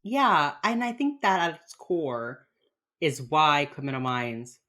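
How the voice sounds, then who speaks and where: A woman with a low voice co-hosts a podcast, recapping a TV episode slowly and casually. She laughs a lot, stays animated, and acts out the characters whenever she quotes them.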